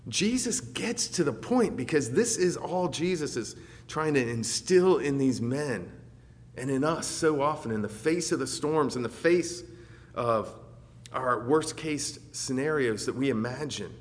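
A man preaching a sermon, moving between loud, emphatic declarations and quiet, reflective asides. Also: medium pitch, expressive, measured pace. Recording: hall reverb.

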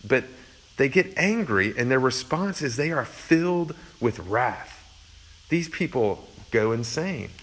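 A man's voice: medium pitch, big pitch swings, slow, a bit bright, rough recording. A man giving a conversational sermon, explaining a passage verse by verse with earnest asides. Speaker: pastor.

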